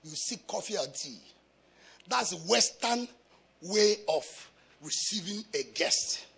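A man from Africa preaching a sermon as a pastor, shouting in a sing-song chant with bursts of speaking in tongues. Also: sits high, lively intonation, slow, creaky, breathy edge. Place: church.

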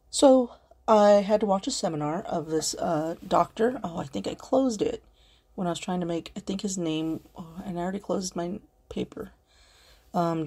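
Husky-voiced woman in rambling casual chat. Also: on the low side, mellow. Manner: rambling, swears freely, earnest. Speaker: podcast host. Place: at home at her computer.

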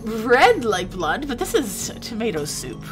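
A woman's voice: fairly high pitch, very animated, a little slow, over music. A woman voicing a creepy, grinning male innkeeper and butcher in a comic game, who claims a lisp and stresses words oddly. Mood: sly. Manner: oddly stressed, falsely innocent talk.

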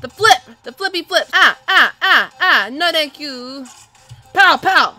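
A young woman commentating her gameplay with loud, excitable, cursing reactions and squeals. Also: high voice, a little slow, no room sound, soft background music. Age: young adult. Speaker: gaming video host.

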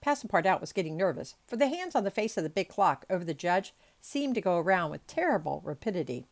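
A woman's voice: on the low side, sing-song, fast talker. Chatty woman reading an audiobook. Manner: chatty asides and stumbles over words. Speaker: audiobook reader. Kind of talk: amateur audiobook narration.

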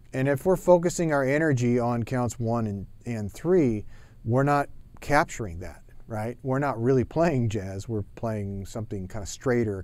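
A man teaching jazz drumming, explaining in a relaxed way with frequent fillers, in a drum studio. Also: mid-range voice. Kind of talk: instructional talk to camera.

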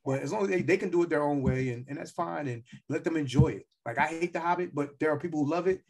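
Fast-talking New York man, animated. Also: on the high side, gravelly. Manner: animated, streetwise, profane. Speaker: podcast host. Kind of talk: casual podcast chat.

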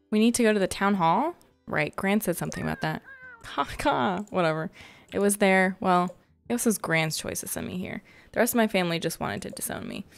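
A woman's voice: mid-range voice, vocal fry. A woman voicing a sassy, rebellious teenage witch girl as she reads game dialogue aloud, sarcastic and dismissive.

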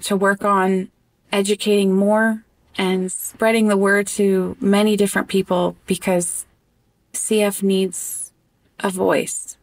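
A woman guest in a casual interview conversation who talks with animated expression and often stops on an um. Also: mid-range voice, slow pace. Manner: animated and expressive, breaks into laughter; hesitant with frequent ums.

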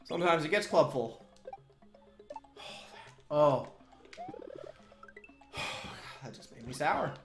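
A woman streaming a speedrun, talking in a joking, excitable way that swings to shouting, in an echoey room. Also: low-pitched, slow pace, pauses often, faint music behind. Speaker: video game streamer. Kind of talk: live-stream commentary while speedrunning.

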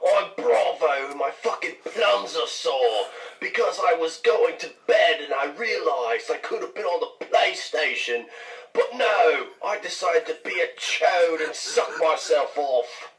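A man's voice: on the high side, lively intonation, unhurried, a bit bright, pitched above the performer's own voice. An American man putting on a mock British accent to play a whiny, self-pitying gamer in a voicemail, drawn out and sneering. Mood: mocking whine. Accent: mock British put on by an American. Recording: voicemail heard from a distance.

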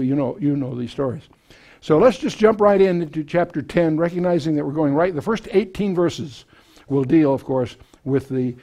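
A man's voice: on the high side, dark tone. A man teaching a Bible passage verse by verse to a live audience, in a conversational way with folksy asides, frequent fillers and restarts. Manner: folksy asides and self-deprecating humor.

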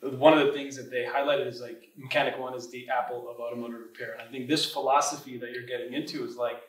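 A man's voice: mid-range voice, flat delivery, fast talker. A man hosting a podcast, chatting loosely with many fillers and recording on a laptop. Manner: loose, full of fillers like "like" and "you know". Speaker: podcast host. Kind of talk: casual podcast interview. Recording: roomy room, distant mic.

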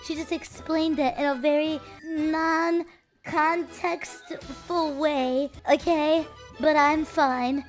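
A young woman streamer tells her viewers a story in a casual, animated way, swinging between loud and hushed and sounding defensive. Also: high voice, slow, faint music behind.

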